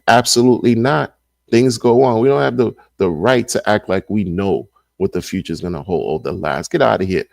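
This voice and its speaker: A man's voice: on the low side, brisk, creaky, darkish tone, dry recording, studio quality. A man hosting a casual livestream and reading the chat, talking in an emphatic, slangy way and repeating his points over and over. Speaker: crypto livestream host.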